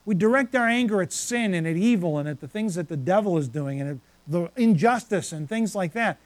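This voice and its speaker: A man's voice: sits high, expressive, a little fast, dry recording. A man preaching a sermon, reading scripture passages aloud and then stopping to reflect on them.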